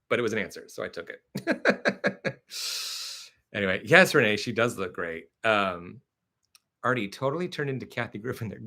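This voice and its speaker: Male live-stream host with a bright, forceful tone. He chats casually and tells stories with lots of fillers. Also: lowish voice. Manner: chatty, animated storytelling with many fillers; reads and answers viewer comments.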